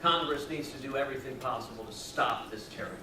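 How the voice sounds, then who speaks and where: A man's voice: mid-range voice, quick pace. A man giving an emphatic, folksy campaign speech at a public event. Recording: echoey room, mic far off, crowd noise.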